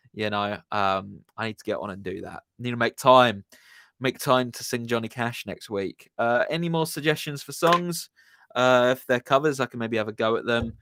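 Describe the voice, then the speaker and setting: A man's voice: fairly low pitch, fairly bright tone, no room sound, clean studio sound. A man hosting a music live stream, chatting casually with viewers in a laid-back, rambling way and greeting them by name.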